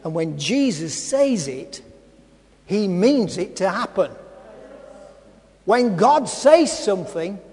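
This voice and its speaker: A man with a very high voice preaches at an unhurried, deliberate pace. He keeps repeating his phrases and putting questions to the congregation. The sound rings with the long reverb of a large hall. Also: sing-song, darkish tone. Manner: repetitive, asks the congregation rhetorical questions. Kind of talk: sermon.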